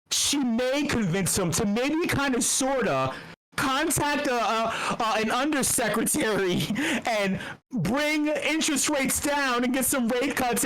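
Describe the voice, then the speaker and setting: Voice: mid-range voice, a bit bright, rough recording. A meetup host ranting about money with a lot of profanity. The host sounds tired, rambles, and keeps stumbling and restarting sentences. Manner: rambling, profane, stammers and restarts, mock quotes. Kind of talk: profane comedic rant on finance. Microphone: computer mic on an online meetup.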